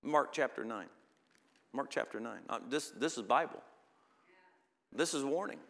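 A middle-aged man preaching a sermon, reading scripture slowly and building to loud, emphatic peaks. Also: medium pitch, expressive, gravelly. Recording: long reverb of a hall.

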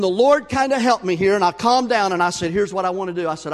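High-voiced preacher in an echoing church. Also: male voice, fast, hardly any pauses. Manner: animated storyteller, acts out voices. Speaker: pastor. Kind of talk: sermon with a personal story. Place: church sanctuary. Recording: long hall reverb.

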